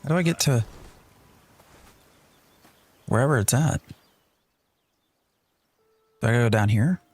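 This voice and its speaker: A man's voice: mid-range voice, expressive, measured pace, a little mellow, a little hiss or hum. A man streaming a game live, chatting and thinking aloud as he plays and answering his chat. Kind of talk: live gameplay commentary.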